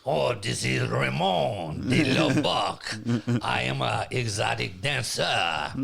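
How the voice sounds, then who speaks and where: A smooth-talking French male exotic dancer, as a man puts him on, rolling each word out slow and low. The put-on French accent is laid on thick, with an exaggerated seductive drawl that sits a little below his usual voice. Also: animated, a bit bright, exaggerated voice.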